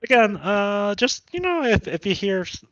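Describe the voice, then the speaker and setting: A man's voice: sits high, very animated, moderate pace, fairly bright tone, dry recording, lo-fi sound. A man co-hosting a hobby stream, rambling and joking at his own mishaps. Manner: rambling and self-mocking. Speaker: stream co-host. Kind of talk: casual hobby stream chat.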